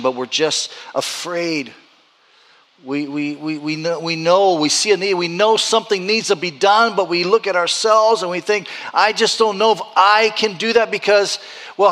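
A pastor preaching a sermon, repeating phrases as he builds to loud, urgent high points. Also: long reverb tail.

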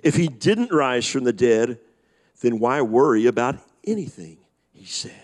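Animated male preacher with a lively voice. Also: medium pitch. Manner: animated preaching, slows for emphasis. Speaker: pastor. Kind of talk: sermon.

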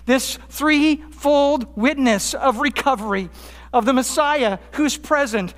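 A pastor preaching a sermon, rising for quoted cries and dropping low on his key points. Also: slow, a bit bright. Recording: long hall reverb.

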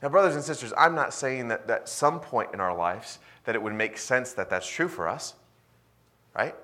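A man preaching to his congregation in an animated, swinging delivery. He pushes up loud for emphasis and then drops to quiet, almost whispered asides. His voice sits in an ordinary middle pitch. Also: moderate pace. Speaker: pastor. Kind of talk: sermon.

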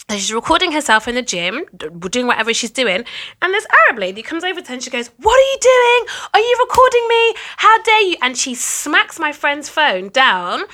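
Animated storytelling woman, bright voice. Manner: animated, acts out quotes with big pitch jumps. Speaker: podcast co-host. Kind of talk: casual storytelling chat.

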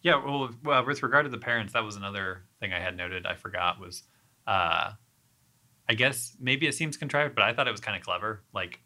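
A man chatting casually about a movie in a relaxed, hesitant way. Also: fairly low pitch, fairly quick. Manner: relaxed, hesitant, many fillers.

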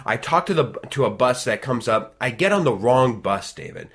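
A man telling a long personal story in casual chat, animated and rambling, with frequent restarts. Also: medium pitch, moderate pace, creaky.

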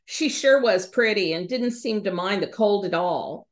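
A woman's voice: medium pitch, lively intonation. A woman, hosting a podcast and reading a folksy ghost story aloud with fillers and small slips. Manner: folksy, pauses with fillers and self-corrections. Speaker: podcast host.

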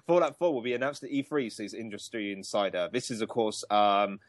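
Guy hosting a gaming podcast, lowish voice, dead dry close mic, rambly with lots of ums. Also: fairly quick, dry recording. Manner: chatty, many ums and restarts, laughs easily. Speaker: podcast co-host. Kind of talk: casual gaming podcast chat.

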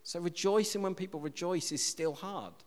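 A man preaching a conversational sermon in a church, chatty and quick with self-deprecating jokes. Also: high voice, in a large hall.

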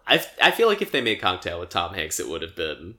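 Young guy retelling a movie plot, kinda low voice but bright, lots of "like"s. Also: huge pitch swings. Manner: rambling, filler-heavy storytelling with quick acted-out quotes. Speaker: podcast co-host. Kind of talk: casual chat, recapping a movie.

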